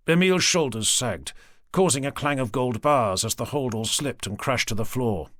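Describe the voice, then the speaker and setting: A man narrating an audiobook in a measured, expressive storytelling manner. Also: mid-range voice, dry recording, studio quality. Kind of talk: scripted narration. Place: recording studio. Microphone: close studio mic.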